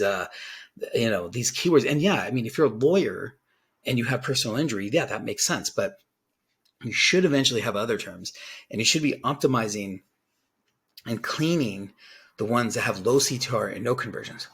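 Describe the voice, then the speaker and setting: A man with a husky, slightly rough voice at an ordinary middle pitch talks through an explainer in a casual, rambling way. He keeps restarting his sentences and quotes clients aloud as he goes. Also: fairly bright tone. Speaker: digital ad consultant. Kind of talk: casual talking-head explainer.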